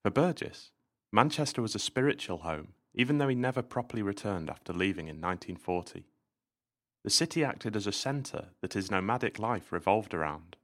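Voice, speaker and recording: A man hosting and narrating a podcast episode in a measured, informative scripted style. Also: lowish voice, animated, a bit bright.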